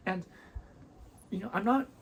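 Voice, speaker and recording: A woman's voice: mid-range voice, unhurried, creaky, a little hiss or hum, rough recording. A woman chatting casually to camera from her bedroom, recorded on a phone, rambling and often restarting her sentences. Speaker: vlogger. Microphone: phone propped on a windowsill.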